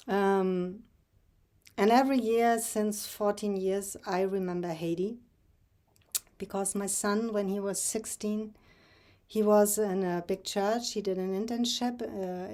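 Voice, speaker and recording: Woman telling a halting faith story. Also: mid-range voice, warm tone. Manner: halting, with many fillers and restarts; earnest, emotional storytelling. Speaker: Christian vlogger. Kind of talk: personal faith testimony.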